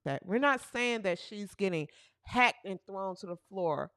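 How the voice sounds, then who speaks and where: Animated mocking woman host. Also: medium pitch, measured pace, no room sound, studio quality. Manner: animated, mocking, exaggerated hollering. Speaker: show host. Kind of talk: comic sports commentary livestream.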